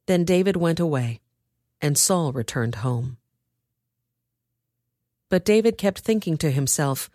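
A woman reading scripture aloud in a steady, measured way. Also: sits low, no echo, clean studio sound. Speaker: scripture reader. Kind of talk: Bible reading.

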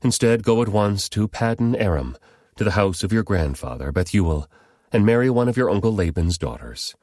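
A man voicing an aged, grave father who speaks in slow, solemn pronouncements. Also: fairly low pitch, animated, a little mellow, dry recording, studio quality, pitched above the performer's own voice.

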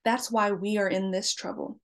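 A group of anxious grown brothers pleading their case, read by a woman. The delivery is earnest and pleading, at a middling pitch for a woman's voice, as part of a scripture reading. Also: steady tone, moderate pace, close to an everyday voice.

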